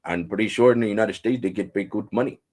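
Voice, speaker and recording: A man's voice: fairly low pitch, fast talker, a little mellow, lightly acted. Man putting on an Indian English call-center agent. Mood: apologetic. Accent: imitated Indian English. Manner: formal, apologetic, repeats "sir".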